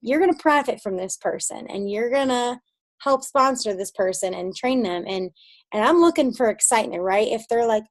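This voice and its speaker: Woman team leader, casual coaching talk, slightly high voice, dry close sound. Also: animated, a little fast, no room sound. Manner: chatty coaching that acts out phone conversations; checks in with listeners often. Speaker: team leader training her sales team.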